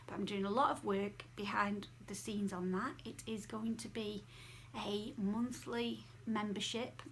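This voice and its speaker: A woman's voice: medium pitch, level tone, a little slow, a little hiss or hum. A woman talking casually to camera as a vlogger at home, chatty and rambling with many fillers. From England.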